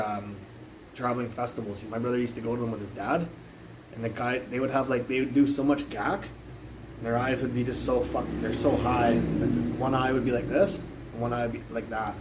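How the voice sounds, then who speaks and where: A man's voice: medium pitch, a little hiss or hum, rough recording. A young man livestreaming from his phone, telling rambling stories in casual chat and swearing constantly. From Canada, Burnaby area. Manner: rambling, swears constantly, acts out loud yells in his anecdotes. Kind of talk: casual profane storytelling.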